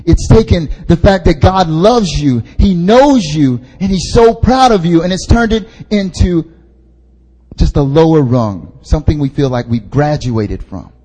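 A young intern pastor preaches at a prayer meeting in a church hall, casual and joking, repeating his key points for emphasis. His voice sits on the high side, animated, warm and slightly rough, at a somewhat slow pace, with long hall reverb.

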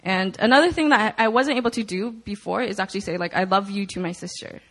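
A woman giving a personal testimony at a church prayer meeting, talking earnestly and softly with hesitant fillers. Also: medium pitch, quick pace, poor audio.

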